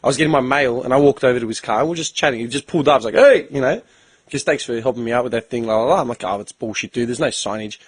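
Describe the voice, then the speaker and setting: An Australian man hosting a casual chat show, telling stories in a profane, animated way and acting out both sides of conversations. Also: mid-range voice, very fast, husky, dry recording. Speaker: podcast host.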